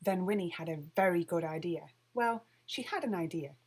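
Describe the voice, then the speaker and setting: A woman's voice: fairly low pitch, moderate pace, slightly rough. Woman reading a children's story. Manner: lively expressive storytelling. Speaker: storybook reader. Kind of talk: reading a children's picture book aloud.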